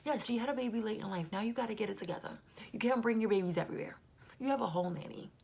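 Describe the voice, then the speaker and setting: A woman's voice: medium pitch, rapid-fire, creaky, darkish tone, breathy edge. A woman giving a casual, chatty recap of a reality TV episode, gossipy and prone to whispered asides.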